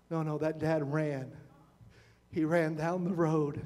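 A male pastor preaching a sermon, building from calm storytelling to shouted, impassioned passages. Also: fairly high pitch, slow pace. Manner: preaching with rising shouted passages and dramatic quotes. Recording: reverberant church hall.

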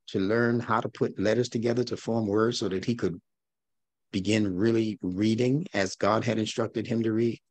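A man's voice: on the low side, fairly even intonation, normal speed, darkish tone, dry recording. A man teaching a recorded religious class, who challenges his listeners with rhetorical questions and repeats his key points. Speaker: religious instructor.

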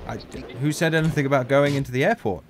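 A man's voice: mid-range voice, fast talker, slight background noise. A man chatting casually over gameplay as the channel's host, joking and bursting into theatrical outbursts.

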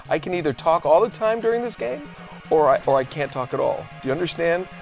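This is a man commentating his own gameplay in loose, joking banter, his voice a little high and bouncing all over the place. He mocks himself and bursts out loud when things go wrong, and faint music runs underneath. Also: quick pace, gravelly. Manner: excitable, self-mocking, prone to outbursts. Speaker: game show co-host. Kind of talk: casual let's-play banter.

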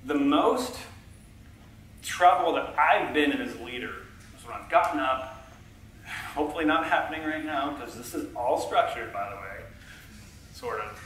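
A middle-aged man giving a conference talk from a stage, a self-confessed low talker who is chatty and self-deprecating and talks back and forth with the audience. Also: lively intonation, normal speed, long pauses, fairly bright tone, slight background noise. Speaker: conference speaker. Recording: echoey hall, heard from far off.

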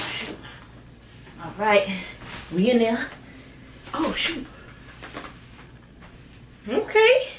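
A young adult woman doing a casual shapewear try-on for her viewers, chatty and animated, calling them girl and y'all, often jumping into high excited squeals. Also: a little hiss or hum. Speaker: beauty vlogger reviewing shapewear. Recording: echoey room.

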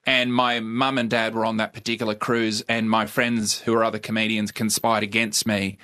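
A middle-aged Australian comedian telling stories in a podcast interview, with a laconic, dry and wry delivery. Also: male voice, on the low side, flat delivery, normal speed, bright, forceful tone, clear, resonant tone. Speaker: comedian guest. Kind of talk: casual storytelling interview.

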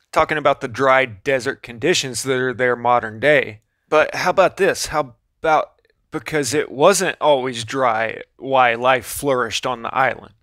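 A man's voice: medium pitch, fairly bright tone, no echo, studio quality. A man casually narrating a video, with offhand, sarcastic asides.

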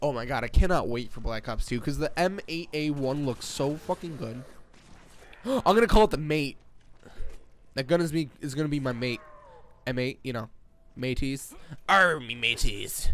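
A young man in his late teens doing rambling, jokey gameplay commentary from his bedroom, excitable and prone to sudden screams. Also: mid-range voice. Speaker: gaming channel host. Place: own bedroom.

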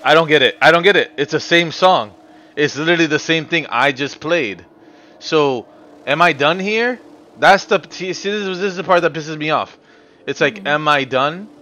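A man's voice: fairly high pitch, moderate pace, sharp tone. A man streaming a puzzle game live, swearing, ranting and talking to his chat. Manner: profane, ranting, talks to chat. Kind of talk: live gameplay commentary.

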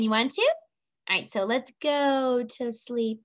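A woman teaches young children their letters in a slow, unhurried way, drawing out each sound in a patient sing-song. Her voice sits a little high, and she keeps the lesson gentle and clear.

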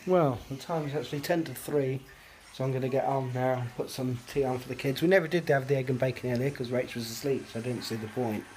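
A man's voice: mid-range voice, steady tone, fast, hardly any pauses, darkish tone, slight background noise. A British man vlogging casually at home on a handheld phone, rambling with lots of fillers and restarts. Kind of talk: casual daily vlog chat. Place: at home, indoors.

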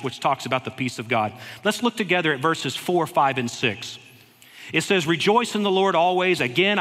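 A man's voice: medium pitch, bright, forceful tone. Earnest male preacher in a reverberant sanctuary. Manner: earnest, unhurried, with light humor. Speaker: head of school preaching. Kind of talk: sermon. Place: church sanctuary. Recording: long reverb of a church hall.

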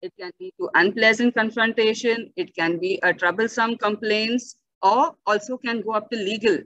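A woman's voice: mid-range voice, a bit bright, no echo, dull audio. Woman giving an online lecture, dry sound. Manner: explanatory, frequent "okay" and "uh" fillers, restarts. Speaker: lecturer on bioethics. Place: home or office, virtual webinar. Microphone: computer mic on a video call.

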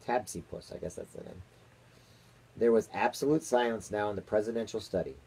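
Man, father, reading a children's book aloud, husky voice, steady storytelling, small slips. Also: on the low side, a little fast, low-quality recording. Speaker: father reading to his daughter.

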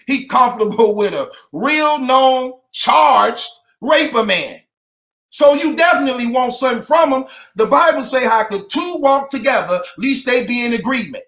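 High-voiced man ranting mockingly. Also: fairly bright tone, echoey room. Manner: taunting, repetitive, laughs between jabs. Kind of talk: mocking rant to camera.

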